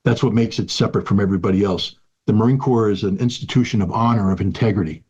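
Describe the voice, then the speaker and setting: A man's voice: fairly low pitch, fast, a little mellow, breathy edge, lo-fi sound. A man in his sixties in an interview, telling a personal story in an earnest, emphatic way and repeating key phrases. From United States. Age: 60s. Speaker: guest.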